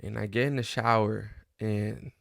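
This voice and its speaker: A young man talks through a personal reflection vlog in an earnest, halting way, often stopping and starting over. His gravelly voice stays flat and even in pitch. The sound is dry and close, with no room echo. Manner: halting, earnest, many restarts and fillers. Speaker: vlogger.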